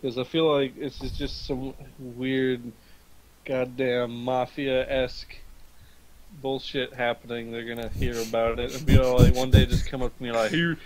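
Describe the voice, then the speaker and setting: A man's voice: mid-range voice, level tone, measured pace, low-quality recording. A man playing in a casual tabletop game, brash and joking, swearing freely. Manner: brash, swears a lot, jokey. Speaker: player.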